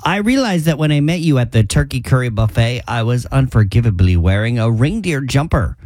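A man playing a reserved, formal British gentleman who confesses his feelings in a halting, awkward way, with a put-on British accent. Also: medium pitch, big pitch swings, no echo, close to an everyday voice. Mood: awkward tender. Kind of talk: radio show scene reading.

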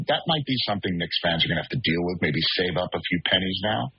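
A man's voice: sits low, expressive, fast talker, creaky, slightly rough, dry recording. A man, a sports talk host, chatting casually by remote call with many fillers and rambling asides. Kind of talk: casual chat. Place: hallway of a shopping building. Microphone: remote call with weak signal. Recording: dull lo-fi remote call audio.

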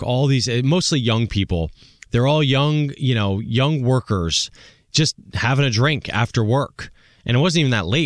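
A man with an American accent hosting a call-in tech radio show, telling stories in a chatty, animated way. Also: medium pitch, no room sound, studio quality. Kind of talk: casual call-in radio talk.

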